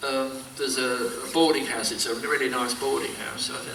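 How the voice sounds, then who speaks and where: A man's voice: mid-range voice, fairly even intonation, a little fast, vocal fry, noisy background. An older man chatting as a convention panel guest, telling rambling anecdotes full of false starts, recorded at a distance in an echoey hall. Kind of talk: casual panel chat.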